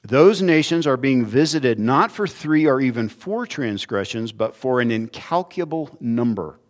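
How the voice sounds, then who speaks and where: A man's voice: mid-range voice, expressive, unhurried. A man who is a pastor, preaching a sermon in a conversational way and acting out small everyday dialogues. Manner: conversational, acts out little dialogues.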